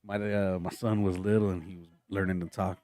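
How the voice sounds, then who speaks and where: A middle-aged man, a comedian guest on a casual podcast, who tells animated stories, swears freely and jumps into high, sharp voices for the people in them. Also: fairly quick, no echo, studio quality.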